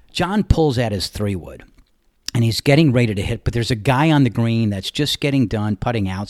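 A man with a New York accent telling a funny story in a casual, animated way, laughing now and then as he goes. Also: medium pitch, no room sound, clean studio sound.

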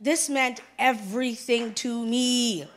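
A woman's voice: a little high, steady tone, takes it slowly. A young woman giving a personal testimony in church, talking casually and acting out dialogue with emphatic turns. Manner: conversational, acts out dialogue, emphatic.

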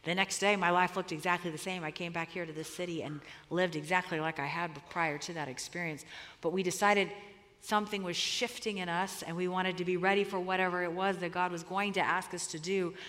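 A woman's voice: on the low side, flat delivery, a little fast, fairly bright tone. A middle-aged woman giving a sermon, telling a personal story in a conversational, emphatic way. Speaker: preacher. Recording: long hall reverb.

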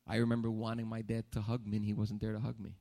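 A male pastor telling a personal story in a sermon, animated, with repeated phrases for emphasis. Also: on the low side, fast, creaky.

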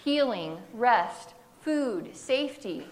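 A woman delivers a sermon in a relaxed, conversational manner. Her voice sits a little high, and she slips into playful acted-out voices for the quotes. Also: slow, slight background noise. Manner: conversational, animated, acts out quotes with humor. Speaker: preacher.

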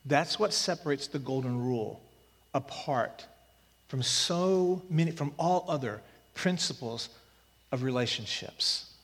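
A man's voice: mid-range voice, expressive, measured pace, a bit bright, husky. A man preaching a sermon as pastor, conversational and then emphatic with repeated short lines. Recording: long reverb of a hall.

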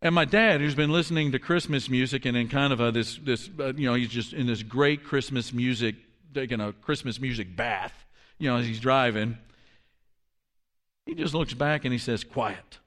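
A man in his fifties preaching a sermon, telling stories in an animated way that drops to a hush for quoted lines. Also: medium pitch, normal speed, long reverb tail. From Washington, D.C. area. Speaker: pastor.

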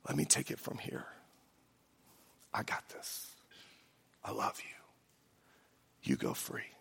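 A man voicing a gentle male savior figure in a hushed whisper during a sermon. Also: slow. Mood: tender.

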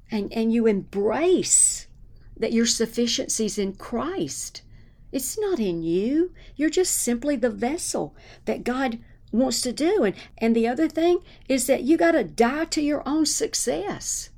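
In a fairly high, gravelly voice with noticeable fry, a woman delivers a fervent sermon. She moves from emphatic preaching down to hushed, whispered prayer.

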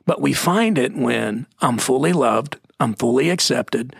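A middle-aged man talking about faith in an emphatic, preachy way, slowing down to stress key words. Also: mid-range voice, expressive, gravelly, slightly rough, dry recording, studio quality. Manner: emphatic, preachy, drops into slow stressed phrases. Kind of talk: conversational Christian teaching.

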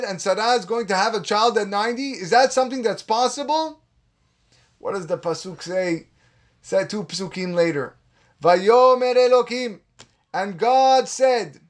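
Male rabbi, high voice, impassioned Torah sermon, acts out quotes. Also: a little slow. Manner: impassioned, rising to a high pitch for emphasis.

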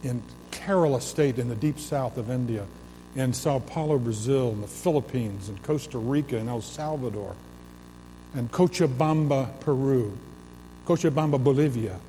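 A man's voice: medium pitch, moderate pace, warm tone, slight background noise. A man preaching a sermon in a church sanctuary, building emphasis through repeated, swelling phrases. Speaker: pastor. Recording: long reverb of a large hall.

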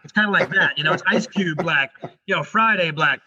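A middle-aged man, a guest on an interview show, telling a story in a rushed, animated way and often restarting his sentences. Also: high-pitched, husky. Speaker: guest, comedian and paranormal investigator. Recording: dull lo-fi recording.

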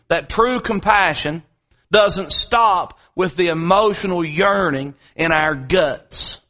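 A man preaching a sermon, telling a story from home and then building to repetitive, dramatic appeals with slow, drawn-out emphasis. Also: sits high, sharp tone. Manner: dramatic preaching, swings between drawn-out emphasis and quick asides; repetitive, rhetorical delivery.

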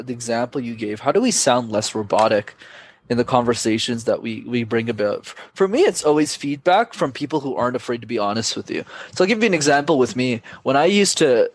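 A young man, a public speaking coach, giving energetic, emphatic advice as a podcast guest. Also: medium pitch.

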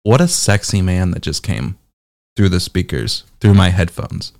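Brief: male podcast reviewer, low-ish voice swinging wildly up and down, sarcastic and teasing. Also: lively intonation, measured pace, gravelly, a little mellow. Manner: sarcastic, teasing, jumpy delivery. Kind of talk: casual podcast review chat.

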